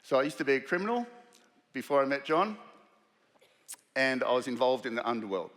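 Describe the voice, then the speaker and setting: Australian man giving a lively keynote. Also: mid-range voice, fairly quick. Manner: self-deprecating storyteller, energetic, loose and conversational. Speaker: keynote speaker. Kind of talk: conference keynote with humorous anecdotes. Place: large conference hall. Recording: reverberant hall.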